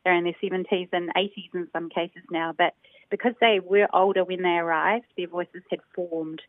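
A new caller from New Zealand, a woman appearing as a linguist guest, gives explanatory interview answers over a dry, tinny phone line with no echo. Her lowish voice has fairly even intonation, and she explains in a thoughtful, measured way with frequent ums.

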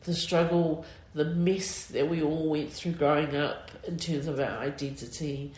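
A middle-aged woman with a New Zealand accent, speaking in an interview with many fillers, emotional and halting. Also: sits low, steady tone, a little mellow. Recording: roomy echo.

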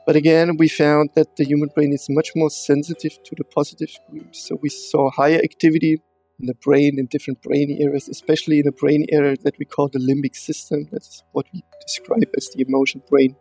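Hesitant man explaining research, mellow voice. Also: fairly high pitch, flat delivery, no echo, faint music behind. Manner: measured, hesitant with many fillers and restarts. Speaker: researcher interviewed as guest.

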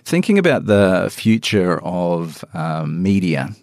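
A man with a very deep voice asks his guest questions, relaxed and affirming. His voice sits close and dry, with no room sound around it. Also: slow pace, creaky, dry recording. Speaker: interviewer. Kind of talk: casual interview questions.

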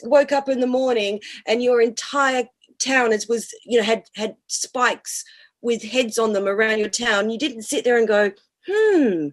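A woman who performs cabaret, talking enthusiastically in a radio interview. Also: on the high side. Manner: enthusiastic, with frequent fillers and restarts. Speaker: cabaret and burlesque performer, guest.

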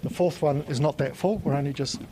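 A man with a New Zealand accent and a voice pitched a little high. He walks a visitor through a factory and explains the equipment patiently, pausing on an occasional um. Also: background noise. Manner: patient, explanatory, with frequent ums. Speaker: company spokesperson giving a tour. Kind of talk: technical explanation on a factory tour. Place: factory and laboratory.

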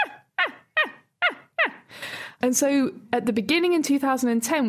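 Woman scientist, interview guest, higher-pitched, easygoing explainer. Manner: relaxed explanatory, imitates animal grunts. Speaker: researcher interviewed.

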